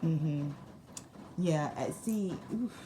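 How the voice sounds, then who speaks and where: Extremely slow and low-pitched, a woman gives a casual tarot reading to her viewers. She laughs frequently, uses slang, and repeats phrases for emphasis, with background noise noticeable throughout.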